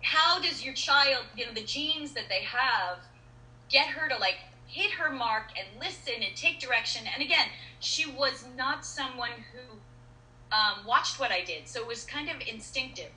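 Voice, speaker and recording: A middle-aged woman speaks as an interview guest. Her voice is very bright and sits a little high. She talks in lively bursts full of restarts and fillers, and the room around her echoes. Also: normal speed, slight background noise. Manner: animated storyteller with many restarts and fillers. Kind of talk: casual interview chat. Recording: roomy echo.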